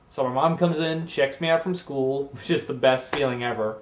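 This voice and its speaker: A man's voice: mid-range voice, normal speed, few pauses, a little hiss or hum. A young man vlogging, telling comedic stories in a rambling way and acting out the other people's voices. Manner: jokey, rambling, acts out voices in his stories. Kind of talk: comedic storytelling vlog. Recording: echoey room.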